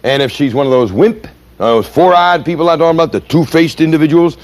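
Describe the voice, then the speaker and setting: A man's voice: a little high, fairly quick, darkish tone. A man giving a training lecture in an emphatic way, often putting questions to his audience.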